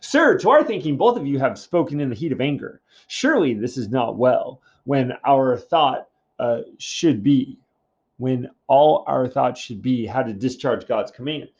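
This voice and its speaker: A man reading aloud as a worried chorus of elders who plead for calm, in a dull lo-fi recording. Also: mid-range voice, measured pace.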